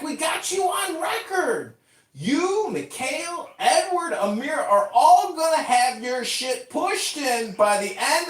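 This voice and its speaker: A woman yells furious insults during a live-stream call. Her high voice swings up and down. It sounds echoey and far from the mic. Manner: abusive, yelling. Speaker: caller. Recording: echoey, distant stream audio.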